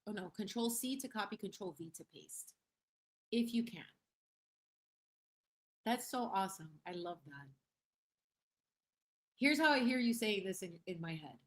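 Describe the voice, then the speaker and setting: A woman's voice: medium pitch, expressive, a little slow, pauses often, a bit bright. Playful, effusive woman streamer. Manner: playful and effusive, laughing often; sprinkles in Spanish phrases. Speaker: livestream host. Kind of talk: casual livestream chat reading viewer comments.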